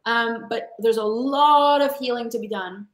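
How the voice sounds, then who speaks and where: Woman, motivational coach, emphatic, fairly high pitch, echoey room. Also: a little slow. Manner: passionate, emphatic, calls listeners honey. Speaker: sales coach for women, guest. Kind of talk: motivational interview talk.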